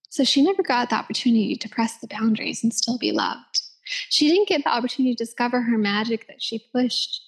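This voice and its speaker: Chatty woman with a higher voice. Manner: chatty, many "like"s, laughs easily, drops to a whisper at times. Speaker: yoga instructor. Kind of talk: casual reflective self-help talk.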